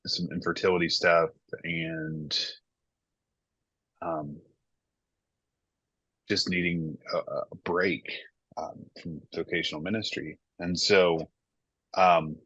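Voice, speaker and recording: A worship pastor in his thirties talks candidly and reflectively in a casual podcast conversation, his low voice forceful and slightly husky. He speaks slowly and flatly with long pauses. The recording is dull, lo-fi and dry, with no room sound.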